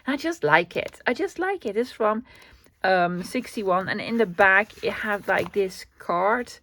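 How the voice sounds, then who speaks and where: Excitable woman. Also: mid-range voice, unhurried. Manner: chatty and excitable, with fillers and repeats. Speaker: vlogger showing a thrift haul. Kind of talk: casual chat.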